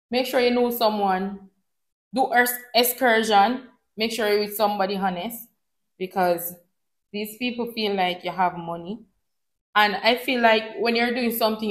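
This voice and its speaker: A Jamaican woman chats through a storytime vlog, sliding between patois and English with animated energy. Her voice sits a little high for a woman. The room around her is echoey and hollow. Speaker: vlogger. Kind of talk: casual storytime chat.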